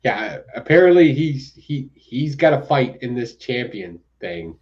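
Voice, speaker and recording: A man's voice: medium pitch, big pitch swings, measured pace, a little mellow, dull audio. A man hosting a comic book podcast, chatting casually with sarcastic asides and frequent laughter. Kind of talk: casual comic review chat.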